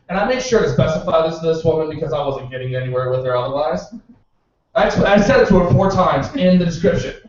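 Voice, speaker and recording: Male stand-up comic, high-pitched and sarcastic. Echoey bar, distant dull mic. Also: a little mellow. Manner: sarcastic storytelling with profanity. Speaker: stand-up comedian, bartender. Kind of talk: stand-up comedy set. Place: small bar at an open-mic comedy night.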